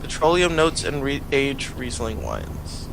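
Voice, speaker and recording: A man's voice: mid-range voice, measured pace, noisy background. A man co-hosting a casual podcast, drawling as he reads things aloud. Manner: drawling, reads things out while looking them up. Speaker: podcast co-host. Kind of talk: casual chat.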